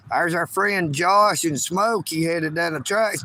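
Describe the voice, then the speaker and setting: A man's voice: on the high side, slow pace, few pauses, noisy background. A man hosting a casual outdoor livestream from beside railroad tracks, chatting in a folksy way and greeting viewers by name on a phone. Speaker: livestream host. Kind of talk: casual outdoor live-stream chat.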